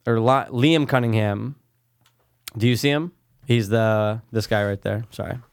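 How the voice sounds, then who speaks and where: A man's voice: on the low side, measured pace, no room sound, clean studio sound. Rambling casual male podcast co-host. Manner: rambling, trailing off mid-sentence. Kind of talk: casual chat.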